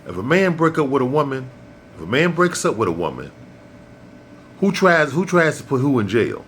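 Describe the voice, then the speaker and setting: A man delivers a blunt, profane rant straight to his listeners. He lectures like a preacher and hammers points home by repeating them. His pitch swings widely, and a faint rumble sits under the recording. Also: sing-song, moderate pace, fairly bright tone. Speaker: host. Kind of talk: ranting monologue to camera.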